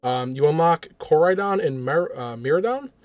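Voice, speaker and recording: A man's voice: on the high side, lively intonation, normal speed, a little mellow, dry recording. A man co-hosting a podcast in a casual chat, explaining things in an informative way and hesitating with ums. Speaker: podcast co-host.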